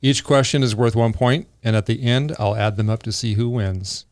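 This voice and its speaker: A man's voice: medium pitch, moderate pace, darkish tone, no room sound. Jokey man hosting a podcast, dry sound. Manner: jokey, laughs often, reads a scripted intro. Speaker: podcast host and quizmaster. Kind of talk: casual podcast banter.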